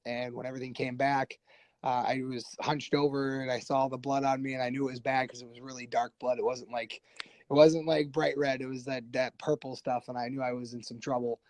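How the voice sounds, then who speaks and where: A man guest on a podcast telling a war story casually, animated and profane, acting out what others said. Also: mid-range voice, brisk, no echo, low-quality recording. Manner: animated, profane, acts out quoted voices.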